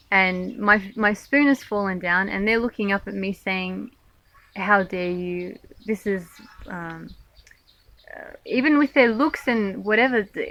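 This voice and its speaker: A woman's voice: mid-range voice, fairly bright tone, no room sound, poor audio. Earnest woman monk telling a story. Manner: earnest, emphatic retelling with many fillers. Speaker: Hindu monk. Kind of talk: personal story vlog.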